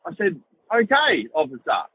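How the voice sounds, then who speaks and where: A man's voice: sits high, wildly swooping pitch, moderate pace, husky, narrow, tinny audio. A man with an Australian accent calling in to a podcast, telling a story with many hesitations from his truck. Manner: rambling, hesitant with many ums. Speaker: caller. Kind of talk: voice message story. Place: truck cab while driving.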